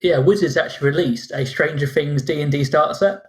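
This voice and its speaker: A man's voice: fairly high pitch, brisk. A man, co-host and game master, chatting casually on a podcast with frequent laughs and restarts.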